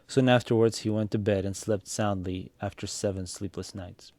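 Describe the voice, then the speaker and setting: Brief: male story reader, low-pitched, relaxed narration, occasional slips. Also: no echo. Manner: unhurried, small slips. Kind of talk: reading a story aloud.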